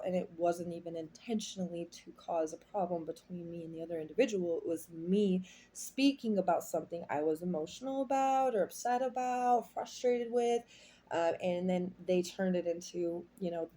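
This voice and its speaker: A woman's voice: fairly low pitch, warm tone, a little hiss or hum. A woman giving a tarot reading to her viewers, talking in a rambling, heartfelt, confiding way. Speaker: tarot reader. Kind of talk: casual tarot reading monologue.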